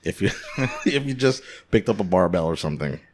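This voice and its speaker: A man's voice: low-pitched, sing-song, a little fast, slight background noise. A man hosting a casual podcast, asking rambling, joking questions. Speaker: podcast host. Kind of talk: casual chat.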